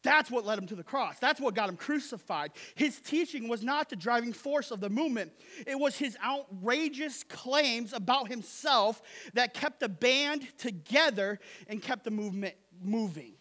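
A man's voice: very high-pitched, animated, normal speed, pushed and bright. A male pastor preaching a sermon in an emphatic, casual way, repeating phrases and tagging lines with "right?". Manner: casual, slangy asides.

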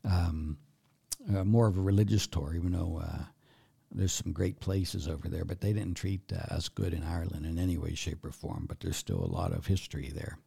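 A man's voice: low-pitched, steady tone, moderate pace, vocal fry, warm tone, breathy edge. A man, a priest answering viewer questions in a casual live Q&A, blunt and chatty with many fillers. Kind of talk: casual live Q&A, reading comments aloud.

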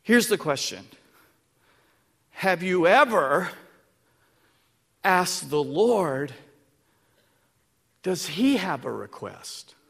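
A man preaching a sermon, dropping to a hush and then rising to shouts. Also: sits high, big pitch swings, extremely slow, gravelly, pauses often, husky. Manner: swings from hushed to shouting. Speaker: pastor.

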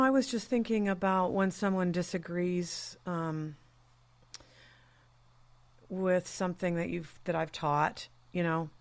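Gravelly-voiced woman host, thoughtful and musing. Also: deep voice. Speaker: podcast host. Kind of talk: podcast conversation.

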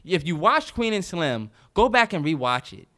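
A man's voice: sits high, very animated, moderate pace, pushed and bright. A man co-hosting a podcast, riffing in casual chat with emphatic, profane opinions. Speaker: podcast co-host.

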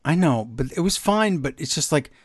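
A man co-hosts a wrestling podcast with wry asides and quick, agreeable reactions. His pitch moves a lot. The sound is dry and close, with no room echo. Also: animated, husky. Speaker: podcast co-host. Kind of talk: casual wrestling recap chat.

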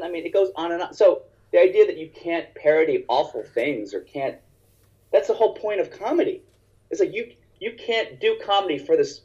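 Animated, profane male comedian telling a story. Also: a little high, dull audio. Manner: animated, profane, acts out other people's lines. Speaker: stand-up comedian. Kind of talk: casual conversational storytelling.

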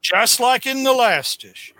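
High bright sarcastic man, dry mic. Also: animated, unhurried. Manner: sarcastic, mocking, bursts into shouted character voices. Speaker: comic book podcast host. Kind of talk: casual comic review chat.

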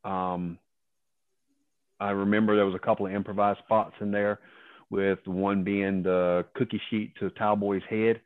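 A man in his fifties, a former wrestler, telling profane, animated stories as a guest and acting out other people's lines. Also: lowish voice, unhurried, no echo. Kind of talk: casual storytelling. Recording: dry tinny phone line.

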